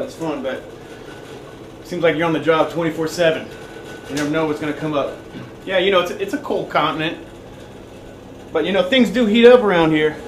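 A man's voice: on the high side, natural voice. A man doing a swaggering spoof cop. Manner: swaggering, boastful. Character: cocky macho male cop in a spoof. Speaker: actor in a comedy skit. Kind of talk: mock documentary comedy acting. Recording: echoey room with noise.

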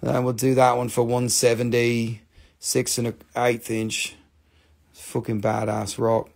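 A man's voice: medium pitch, completely flat delivery, a little slow, gravelly, a little mellow. A man hosting a live stream, selling crystals in casual, joking sales patter full of swearing. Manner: chatty, profane and joking.

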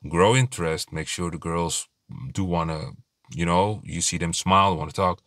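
Low-voiced man, blunt and rambling; casual advice monologue with a dry, close sound. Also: normal speed, a bit bright, no room sound. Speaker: dating advice vlogger.

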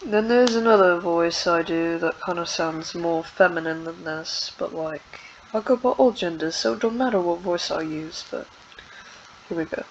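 A woman's voice: on the low side, moderate pace, muffled recording, a little hiss or hum. A woman talking casually into her laptop at home, rambling and hesitant and running herself down. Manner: rambling, hesitant, self-deprecating. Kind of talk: casual vlog talk.

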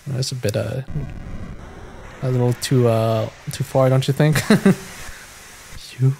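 Swearing, excitable let's play commentator. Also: mid-range voice, takes it slowly, vocal fry, pauses often, noisy background. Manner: excitable, swears, stammers in reactions. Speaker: gaming YouTuber.

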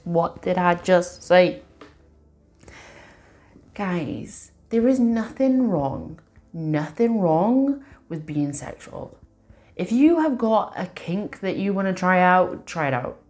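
A woman's voice: on the low side, lively intonation, slow pace, a little mellow. A woman doing a tarot reading, reading affirmations aloud in an emotional, encouraging way. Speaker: tarot reader.

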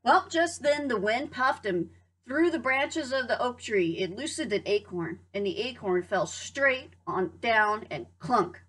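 A woman teacher reading a picture book aloud to young children, in a lively, expressive way. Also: on the high side, unhurried, husky. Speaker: preschool teacher.

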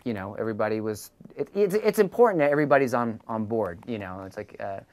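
A man in a casual interview, talking in a rambling, halting way with many fillers and restarts. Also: fairly low pitch, lively intonation. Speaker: band member interviewed.

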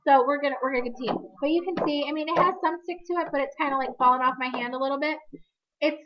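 Woman, high voice, chatty demo host, slightly worn voice, dull lo-fi sound. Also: very fast. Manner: chatty, self-correcting, upbeat instructional. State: slightly losing her voice. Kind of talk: live product demonstration.

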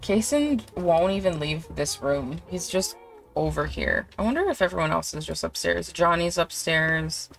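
A woman's voice: lowish voice, animated, normal speed, creaky. A young woman giving chatty, giggly commentary over a life-sim game, full of fillers. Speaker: let's play creator.

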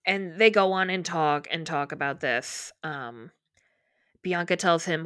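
A woman's voice: fairly low pitch, animated, normal speed, a bit bright, no room sound, studio quality. A woman co-hosting a podcast, casually retelling scenes from a book and acting out the characters' lines. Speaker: podcast co-host.

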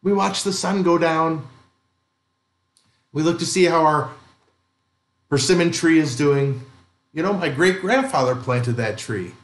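A pastor voicing a tiny, cheerful old man in his seventies who speaks with gentle delight. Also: fairly high pitch, measured pace, long pauses, reverberant, close to an everyday voice. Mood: fond. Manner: beaming, delighted and warm.

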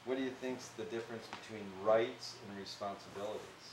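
Man, interviewer, soft-spoken, low voice, off-mic, echoey room. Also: steady tone, a little fast, recorded from a distance, noisy background. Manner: soft-spoken, brief affirmations. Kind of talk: casual interview questions.

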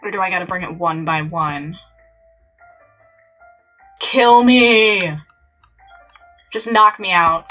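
Bright-voiced woman playing a game. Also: lowish voice, brisk, hardly any pauses. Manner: chatty, playful, exasperated asides. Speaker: gaming channel host. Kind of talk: let's play commentary. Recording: faint game music behind.

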